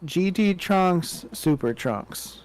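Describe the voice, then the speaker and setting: A man chatting with friends, blunt and quick to swear while he argues his point. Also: sits high, animated, no echo. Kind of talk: casual chat.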